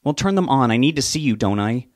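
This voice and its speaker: Reader's female part: a man doing a worried, sharp-tongued young woman in a dry booth. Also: medium pitch, lively intonation, quick pace, no echo, close to an everyday voice. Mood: pressing.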